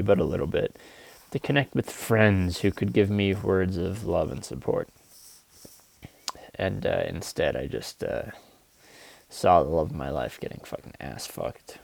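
A man hosting a poetry podcast from inside his car, talking in a halting, agitated, emotional ramble and reading his own poems. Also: low voice, animated, vocal fry, no echo. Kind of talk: rambling confessional monologue.

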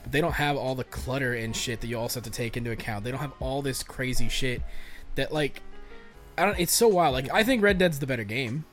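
A man co-hosting a podcast, talking excitedly about games with lots of fillers and casual swearing. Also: mid-range voice, a little fast, soft background music. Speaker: podcast co-host. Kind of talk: casual chat.

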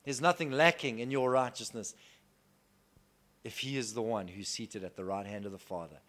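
A man preaching a sermon earnestly, moving between soft hushed lines and loud emphatic declarations. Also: lowish voice, moderate pace.

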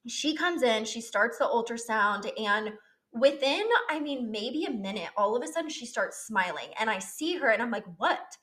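A woman's voice: a little high, expressive, moderate pace, a bit bright. A young woman telling a personal story on her vlog, candid and emotional, swearing freely. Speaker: vlogger.

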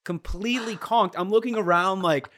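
A man's voice: sits high, moderate pace, a bit bright. A young man in a casual chat, telling a travel story with lots of swearing and acting out the people he met.

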